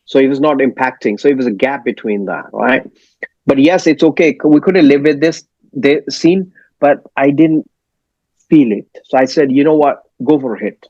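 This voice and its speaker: A man, a martial arts actor, speaking hesitantly in a casual interview, pausing and searching for words. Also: medium pitch, no echo. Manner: halting, many fillers, searching for words. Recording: dull dry audio.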